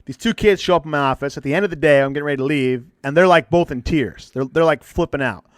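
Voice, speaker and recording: This fast-talking man has a fairly high voice, captured in a dry, studio-quality recording. A counselor co-hosting a podcast, he shares a story in animated, casual chat, performing the voices of those he quotes.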